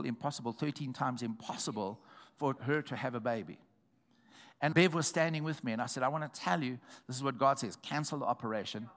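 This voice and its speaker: A man preaching a sermon, telling a testimony in a storytelling way that builds to shouted exhortation. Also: mid-range voice.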